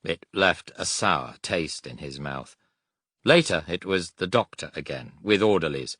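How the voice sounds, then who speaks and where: A man reading a war audiobook in a measured, steady narration. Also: deep voice, breathy edge, no room sound, studio quality.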